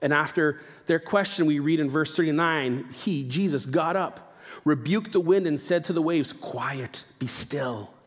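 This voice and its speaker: A man preaching a sermon in a relaxed, conversational manner, dropping his voice low and slow to stress key points. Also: in a large hall. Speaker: pastor.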